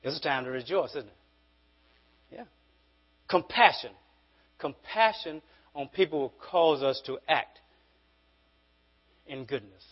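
A man preaching a sermon as pastor, emphatic and repetitive, swinging from forceful peaks to quiet asides. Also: a little high, expressive, a little slow, long pauses, breathy edge, dull audio. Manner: repeats words when building a point.

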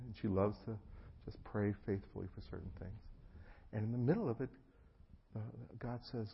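A middle-aged man preaching a sermon, telling personal stories, acting out the voices of the people in them and swinging from hushed tones to loud bursts. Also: fairly low pitch, brisk, vocal fry, muffled recording, slight background noise. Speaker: pastor. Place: church hall before an audience.

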